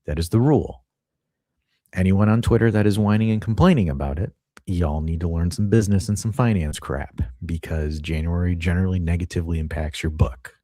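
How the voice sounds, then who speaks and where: Deep, husky man laying down the law. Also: a little fast, mellow, dry recording, studio quality. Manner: blunt, lecturing, swears. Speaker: co-host. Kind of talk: casual live-stream chat.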